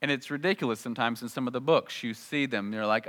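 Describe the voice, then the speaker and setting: A man preaching a sermon, animated, asking the congregation rhetorical questions and acting out quotes. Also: mid-range voice, fairly quick, few pauses. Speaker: pastor.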